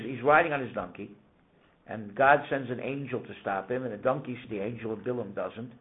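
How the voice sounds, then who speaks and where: Animated man teaching on a tinny line. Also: medium pitch. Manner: animated storytelling, rising emphatic questions. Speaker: rabbi teaching Torah. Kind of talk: casual Torah lesson. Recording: tinny phone-like sound.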